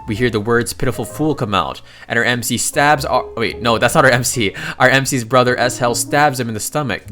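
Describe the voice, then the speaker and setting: Excitable male recap narrator, casual and slangy, soft guitar bed. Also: medium pitch, fairly quick. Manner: excitable, slangy, keeps exclaiming.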